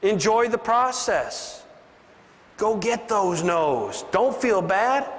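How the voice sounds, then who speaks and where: Male seminar speaker, high voice, punchy and preachy, echoing big room. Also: big pitch swings, slow pace. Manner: preachy, punchy, drops into a low voice for emphasis. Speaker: business speaker. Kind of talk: motivational seminar speech. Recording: long hall reverb, faint ambience.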